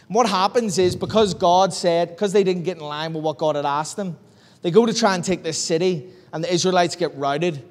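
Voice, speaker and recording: A man with a Northern Irish accent preaching a sermon as pastor, in a lively, conversational storytelling way. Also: high voice, a little fast. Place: church hall. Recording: long hall reverb.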